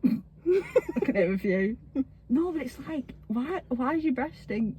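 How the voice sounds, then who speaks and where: Young woman, very high voice, lively giggly chat, casual podcast host. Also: unhurried, a little hiss or hum. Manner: giggly, animated storytelling, swears casually.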